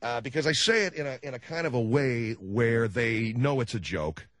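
A middle-aged man telling a comic story on his show, animated, with sardonic dark humor. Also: medium pitch, normal speed, no echo.

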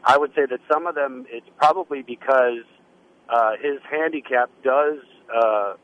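Brief: a hesitant male radio guest, mid-pitched, lots of restarts, muffled lo-fi audio. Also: measured pace. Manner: hesitant, restarts, many fillers. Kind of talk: radio debate.

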